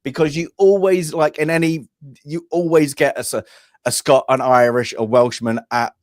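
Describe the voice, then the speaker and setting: A man's voice: on the high side, fairly even intonation, moderate pace, no room sound, clean studio sound. An English man chatting casually about a film, rambling with many restarts and asides. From England. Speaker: film review panelist.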